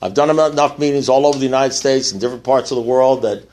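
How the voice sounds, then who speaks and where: A man speaking at a recovery meeting, telling a long joke and acting out the characters in a rising, excited voice. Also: medium pitch, fast, a little hiss or hum. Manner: animated storyteller, acts out characters in rising voice.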